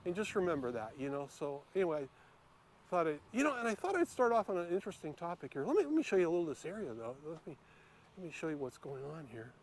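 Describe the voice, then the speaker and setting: A man with a slightly raised pitch talks casually to his camera as he walks outdoors by a lake. He rambles, restarts often and fills pauses with ums and uhs. It sounds like an unscripted handheld vlog. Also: very animated, slight background noise. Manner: rambling, hesitant, many fillers and restarts. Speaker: YouTube vlogger. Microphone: handheld camera while filming.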